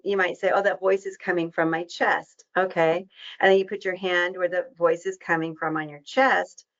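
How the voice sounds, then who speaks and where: A woman presenting a webinar as an educator, talking in a warm, encouraging and conversational way. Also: on the low side. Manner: conversational with fillers and quick asides. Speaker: diabetes educator leading a webinar. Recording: dull, muffled lo-fi audio.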